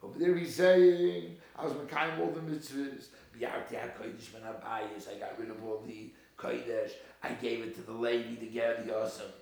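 Gravelly man teaching in an echoey room. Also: little pitch movement, moderate pace, few pauses. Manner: swings between loud emphatic quoting and low hushed asides. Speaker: rabbi giving a Torah talk. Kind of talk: Torah lecture.

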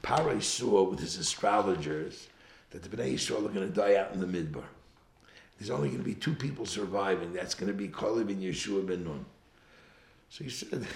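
A middle-aged man giving an animated storytelling sermon, acting out voices and laughing often as he mixes in Hebrew and Yiddish terms. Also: lowish voice, moderate pace, gravelly. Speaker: rabbi giving a Torah talk. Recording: echoey room.

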